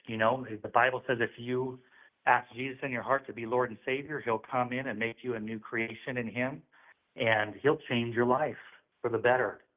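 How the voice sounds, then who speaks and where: A man's voice: mid-range voice, steady tone, normal speed. A man calling in, telling a religious testimony in an earnest, preachy storytelling manner. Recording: phone-line audio.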